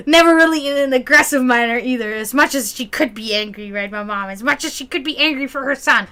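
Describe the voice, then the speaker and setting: In a brisk, high voice, a woman spins a long, informal story about her family and the brother she grew up with. She hosts community gatherings and tells it animatedly, imitating the people she quotes, laughing often and swearing along the way.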